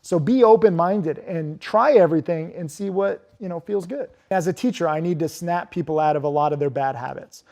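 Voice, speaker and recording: A man's voice: fairly high pitch, brisk, few pauses, darkish tone. A man speaking as an interview guest about trading, talking casually with lots of fillers and blunt, profane remarks. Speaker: interview guest, stock trader.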